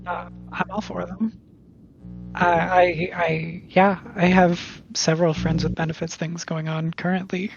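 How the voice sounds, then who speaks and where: Woman, podcast guest, mid pitch, gravelly, easygoing and frank, dull recording. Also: little pitch movement, unhurried, music in the background. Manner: frank and easygoing, frequent "um" and restarts. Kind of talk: casual chat.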